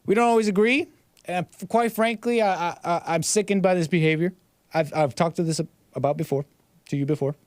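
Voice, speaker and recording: Dude streaming, kinda high voice, sarcastic and rambly, dry close mic. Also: male voice, brisk, no echo. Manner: rambling and sarcastic, with frequent restarts and swings in pitch. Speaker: livestream host. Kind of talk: casual livestream commentary reading viewer messages.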